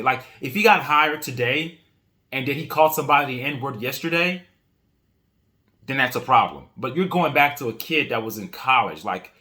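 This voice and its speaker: Bright-voiced man giving casual opinion commentary. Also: medium pitch. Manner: opinionated, reads chat comments and answers them. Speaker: commentary channel host.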